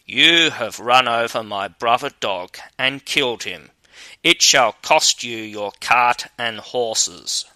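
A man voicing a clever, vengeful male sparrow in a fairy tale, in a brisk, confident manner. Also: medium pitch, sharp tone, dry recording. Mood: threatening.

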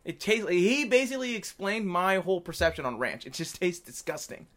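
A young man co-hosting a casual podcast, animated, swearing often and laughing a lot. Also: high-pitched, fairly quick. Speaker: podcast co-host. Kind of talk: casual crude banter.

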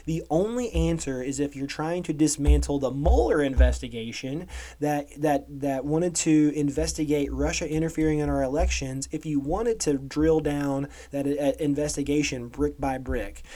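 Here a man co-hosting a podcast talks at normal speed in a slightly high, mellow voice. His take on current events is a sarcastic, forceful rant, peppered with "okay?"

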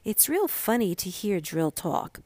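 A woman voicing an excitable, scheming little girl who talks eagerly and a bit whiny in a storybook reading. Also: medium pitch, unhurried, no echo. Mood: excited.

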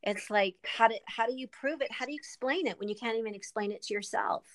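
A woman's voice: fairly high pitch, quick pace, dry recording, low-quality recording. Earnest woman guest, talks with feeling. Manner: earnest, emotional, frequent ums and restarts. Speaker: author and guest. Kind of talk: candid interview talk.

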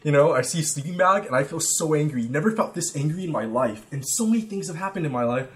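A man's voice: fairly high pitch, quick pace. Rambling, profane young man telling a story. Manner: rambling, profane, animated retelling with quoted voices. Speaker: podcast guest. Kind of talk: casual storytelling chat.

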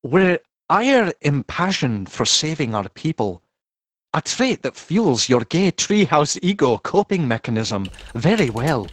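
Sarcastic man with a lively voice. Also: a little high, takes it slowly, no room sound. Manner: sarcastic, breaks into laughter. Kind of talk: mocking read-aloud of a statement.

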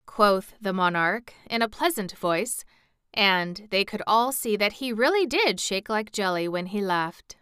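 A woman narrating a storybook in a gentle, measured audiobook reading. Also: mid-range voice, animated, clean tone, no echo, studio quality.

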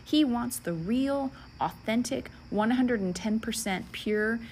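A woman giving a sermon testimony, earnest and emotional, dropping into soft whispers at times. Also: on the high side, slow, slight background noise. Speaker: preacher.

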